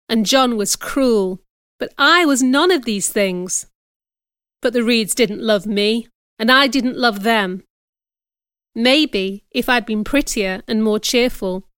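A woman reading a storybook aloud as narrator, in a careful, steady storytelling manner. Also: a little high, clean tone, dry recording, studio quality. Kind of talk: scripted audiobook narration.

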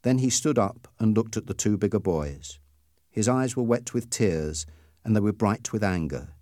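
A man's voice: on the low side, expressive, dark tone, dry recording, studio quality. A man reading a story aloud as narrator, in scripted storybook narration. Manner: slow, clearly paced reading.

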